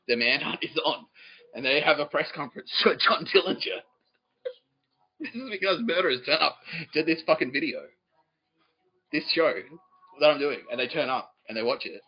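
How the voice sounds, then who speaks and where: A man's voice: medium pitch, husky, dull audio. A man hosting a comedy podcast, rambling through a comic monologue, often laughing at his own stories and swearing freely.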